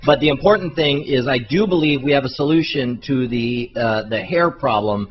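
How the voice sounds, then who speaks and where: A man's voice: medium pitch, normal speed, slightly rough. A man hosting a casual live web show, chatty and laughing often as he jumps between topics. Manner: laughing, chatty, easily sidetracked. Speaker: host. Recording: dull lo-fi webcast audio.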